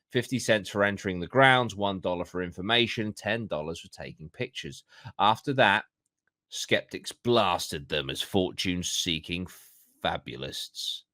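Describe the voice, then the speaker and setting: A man's voice: on the low side, fairly bright tone, dry recording, clean studio sound. A man hosting a podcast, reading a story from notes with casual swearing and jokey asides. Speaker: podcast host.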